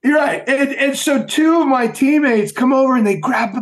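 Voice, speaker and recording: A middle-aged man telling stories as an interview guest, emphatic and animated, often asking rhetorical questions. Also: extremely high pitch, normal speed. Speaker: podcast guest, former Navy SEAL. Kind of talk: storytelling interview.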